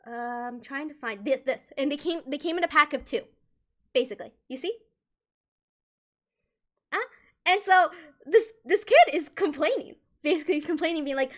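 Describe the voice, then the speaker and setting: A young woman streamer telling a rambling, animated story in casual chat, full of restarts and giggles. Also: high voice, moderate pace, long pauses.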